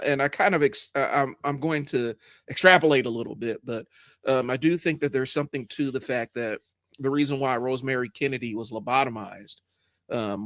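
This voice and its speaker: A man's voice: medium pitch, fairly bright tone, no room sound, clean studio sound. A man with a head cold hosting a live stream, talking frankly in a rambling way, with fillers, restarts and the odd swear. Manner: frank, rambling with many fillers and restarts, greets chat viewers; swears when angry. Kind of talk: casual live stream monologue.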